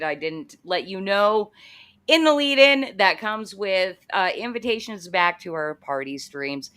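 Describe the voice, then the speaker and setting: An upbeat American woman hosts a live-stream interview, chatty and joking. Her voice sits a little low for a woman and sounds dry and close to the mic, with no room echo. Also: fairly bright tone. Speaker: host.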